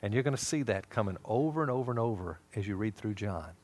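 Animated man teaching a Bible lesson. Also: on the low side, quick pace. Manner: animated storytelling, acting out dialogue. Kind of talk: sermon-style teaching.

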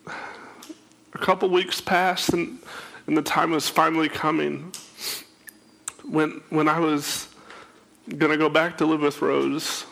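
A man's voice: fairly high pitch, flat delivery, slow pace, vocal fry, long pauses, a bit bright. A man telling his life story to an audience, emotional and tearful, often repeating words as he speaks. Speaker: speaker sharing his testimony. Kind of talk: personal testimony to an audience.

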